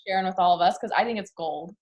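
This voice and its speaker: A woman's voice: on the low side, racing, darkish tone. A woman host chiming in casually during a talk, sounding a little away from the mic. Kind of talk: casual chat.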